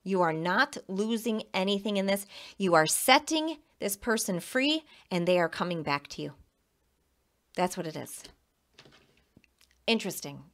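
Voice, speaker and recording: A woman's voice: mid-range voice, lively intonation, measured pace, pauses often. Woman tarot reader, mid-range voice, emphatic and repetitive delivery. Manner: emphatic, repeats phrases, frequent "okay?". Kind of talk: casual tarot reading monologue.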